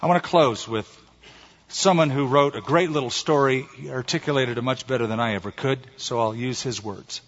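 A male pastor preaching a sermon and reading a story aloud, earnest and measured. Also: medium pitch. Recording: dull recording in echoey hall.

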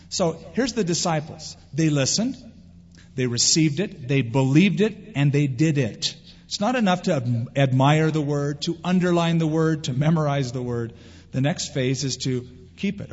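A man preaching a sermon, his voice sitting a little high and slightly husky. He is animated and slips into little quoted voices as he goes. The sound is dull and lo-fi, with long reverb trailing off a big hall. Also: unhurried. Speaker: pastor. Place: church sanctuary.

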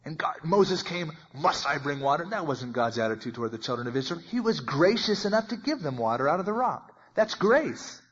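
A man preaching a sermon and teaching verse by verse, talking in a conversational way and acting out the voices in the passage, with big swings in loudness. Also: on the high side, sing-song, brisk, hardly any pauses, breathy edge. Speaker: pastor. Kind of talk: expository Bible teaching. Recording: muffled lo-fi recording.

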